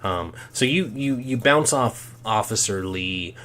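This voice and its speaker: A man's voice: lowish voice, animated, sharp tone, slight background noise. A man running a tabletop game as game master, narrating with many ums and restarts. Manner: halting, full of ums and restarts.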